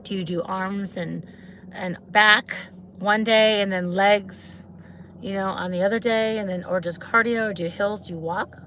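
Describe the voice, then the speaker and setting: A woman's voice: medium pitch, steady tone, a little slow, fairly bright tone, slight background noise. A woman from Wisconsin with a Midwestern accent, chatting casually with viewers on a livestream and rambling from question to question. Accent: Midwestern American (Wisconsin). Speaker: livestream host.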